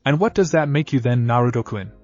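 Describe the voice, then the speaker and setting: A man's voice: medium pitch, fast, darkish tone, natural voice. A man voicing a shy but sly teenage girl ninja with a syrupy sweet tone, muffled, faint music.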